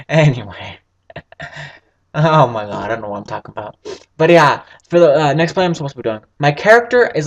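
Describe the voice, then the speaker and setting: A man's voice: medium pitch, animated, moderate pace, long pauses. A man rambling through casual gameplay commentary as a gaming video host, swearing freely.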